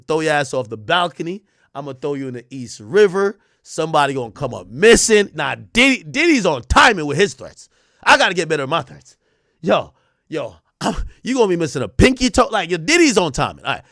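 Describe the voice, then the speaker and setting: A man talks through court testimony on his live stream, reading lines aloud and breaking off to react in slang. His pitch leaps up and drops low as he goes. The sound is dry and close, with no room around it. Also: creaky, no room sound. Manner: animated, reads testimony aloud and riffs on it with slang. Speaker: stream host recapping a trial. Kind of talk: casual live-stream commentary.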